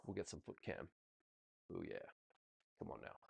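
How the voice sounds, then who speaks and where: A man coaching a ballroom student over video, chatty and encouraging, counting steps out loud. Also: low voice, sing-song, normal speed, gravelly, breathy edge.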